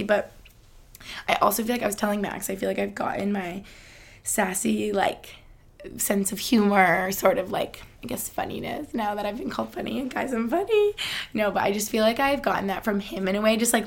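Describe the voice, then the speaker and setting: A woman's voice: mid-range voice, vocal fry. A young woman hosting a podcast, chatting casually and upbeat, full of fillers and giggles. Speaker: podcast host. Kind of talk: casual chat.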